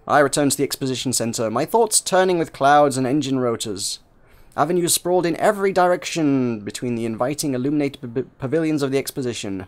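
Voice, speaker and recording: A man's voice: medium pitch, expressive, a little fast. Man narrating game text aloud. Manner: narrating with frequent slips and restarts. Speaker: YouTuber reading a game aloud.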